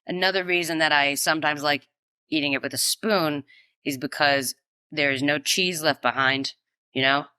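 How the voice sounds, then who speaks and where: A woman co-hosting a podcast with a bright, crisp voice, recorded close and dry. She chats in a playful, animated way and reads debate topics from her notes. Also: deep voice, moderate pace, no echo. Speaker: podcast co-host. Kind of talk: casual chat.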